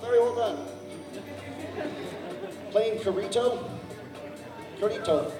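A man with a high-pitched voice, talking a little slowly, emcees a live cosplay contest in a large convention hall, joking and stumbling over contestants' names while asking the crowd for help. The hall echoes, the mic is far off, and music and a cheering crowd fill the background.

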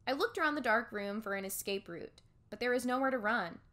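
A woman's voice: a little high, a little fast, bright, forceful tone. A woman teacher reading a chapter book aloud to a class, stopping to explain words in simple terms.

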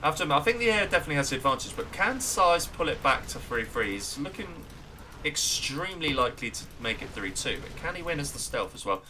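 Excitable English man casting a game. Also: on the high side, brisk, a little hiss or hum. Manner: chatty, excitable, often laughing, greets viewers. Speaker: game commentator. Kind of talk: live stream game commentary.

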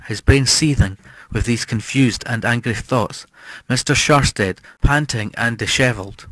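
A man giving a measured, scripted audiobook narration of a horror story. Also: medium pitch, fairly bright tone, no room sound, poor audio.

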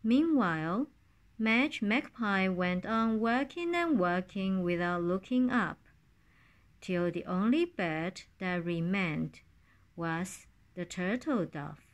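A woman reading a children's story aloud in a calm, unhurried storybook manner. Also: mid-range voice.

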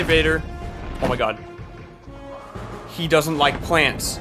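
A man's voice: a little high, sharp tone, faint music behind. A young man giving hyped, exclamatory commentary over his own gameplay as a gaming video host. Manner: hyped, exclamatory, quick asides. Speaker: gaming YouTuber.

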